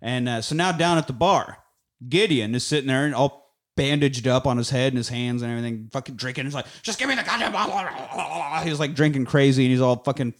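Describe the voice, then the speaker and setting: A man's voice: mid-range voice, fairly even intonation, fast. Male podcast host, profane and laughing, casual film recap with acted-out lines. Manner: swears a lot, laughs, acts out movie lines.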